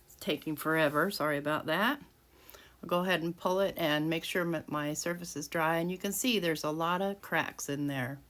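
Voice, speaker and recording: A woman with a low, fairly bright voice talks at a normal pace in her home craft room. She casually narrates each step of making a handmade card, often restarting as she goes, like a relaxed crafting tutorial.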